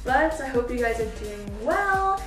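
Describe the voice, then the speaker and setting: A slightly high, sing-song voice belongs to a young woman in college who vlogs about cosplay. She takes her time, chatting casually through a makeup and costume tutorial with lots of giggles and "like" fillers. She's recorded from a distance in an echoing room with faint music.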